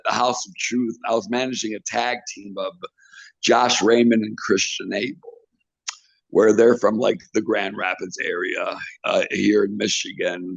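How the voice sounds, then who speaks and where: A man's voice: lowish voice, vocal fry, dry recording. A man in an interview, a wrestling manager and trainer, telling stories with animation and acting out other people's lines. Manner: animated, acts out quotes in others' voices. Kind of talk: interview storytelling. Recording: dull lo-fi recording.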